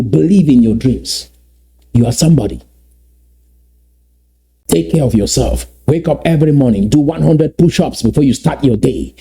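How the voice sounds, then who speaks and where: A man from Southern Cameroons, giving an emphatic motivational address that repeats and slowly stresses key phrases. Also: mid-range voice, creaky, warm tone, breathy edge. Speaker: activist speaker.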